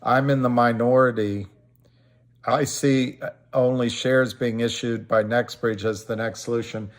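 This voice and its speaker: Slow, halting male livestream host. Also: medium pitch, fairly even intonation. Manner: slow, halting, many ums and restarts. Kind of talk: casual livestream chat reading viewer comments.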